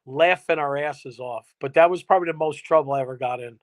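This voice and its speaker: Chuckling New musician spinning yarns. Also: male voice, a little high, fairly quick. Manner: rambling, chuckling, salty anecdote-teller. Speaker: musician guest. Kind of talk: casual interview storytelling. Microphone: remote live-stream guest.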